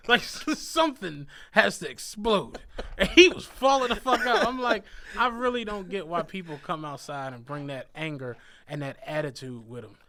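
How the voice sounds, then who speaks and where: High, bright, animated storytelling man. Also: moderate pace. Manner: animated, laughing anecdotes with voiced asides. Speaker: podcast co-host, bus driver. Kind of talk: casual storytelling chat.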